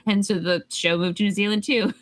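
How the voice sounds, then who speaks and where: A woman chatting casually while playing a game, playful and quick to laugh. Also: medium pitch, steady tone, over music. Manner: giggly, playful, lots of laughing. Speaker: game streamer.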